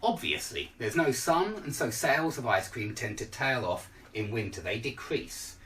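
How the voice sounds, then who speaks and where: A man's voice: medium pitch, sing-song, moderate pace, pushed and bright, recorded from a distance. A man teaching an online lesson, patiently explaining with everyday examples. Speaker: English teacher.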